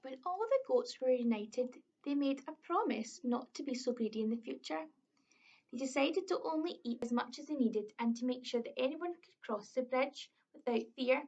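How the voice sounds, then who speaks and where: A woman with a Scottish accent reading a children's story aloud, expressive, slow and clear. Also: high-pitched. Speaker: early years storyteller. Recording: dull lo-fi recording.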